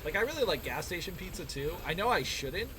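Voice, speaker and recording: A man live-streaming a video game, reacting with excited yelps and exclamations. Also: high-pitched, a little fast. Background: game music.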